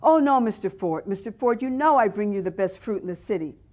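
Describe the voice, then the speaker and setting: A woman's voice: medium pitch, lively intonation, brisk, a little mellow, close to an everyday voice. An Italian-accented produce seller, a grown man pleading and insisting that his goods are good, as a woman reading aloud puts him on. He talks eagerly and keeps begging for another chance.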